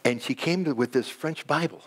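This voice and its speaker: In a church, a male pastor preaches with animation, his voice rising high when he gets excited and sinking soft, slow and low when he prays. There's a breathy edge to his delivery.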